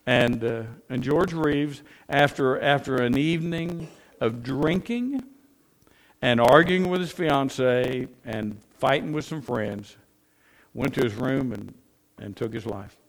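A man's voice: medium pitch, slow pace. A man preaching a sermon, telling stories earnestly, with his emphasis rising and then dropping.

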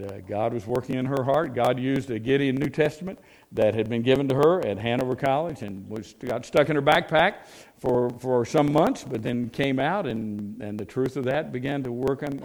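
A man's voice: medium pitch, a little mellow, low-quality recording. A man preaching a sermon as a pastor, folksy and plain-spoken, often asking his listeners rhetorical questions.

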